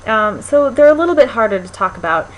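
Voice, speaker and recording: A woman's voice: fairly high pitch, expressive, a little fast, a little hiss or hum, low-quality recording. Woman giving a linguistics lecture. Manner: explanatory, frequent ums and restarts. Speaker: linguistics instructor. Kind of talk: recorded lecture.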